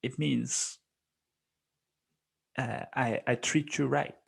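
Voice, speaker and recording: A man imitating his older male boss, a blunt man who speaks slowly and haltingly and keeps repeating himself. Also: high-pitched, big pitch swings, fairly bright tone, slightly rough, pitched above the performer's own voice, exaggerated voice. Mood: insistent. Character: older male food-truck boss, blunt, fond of odd sayings.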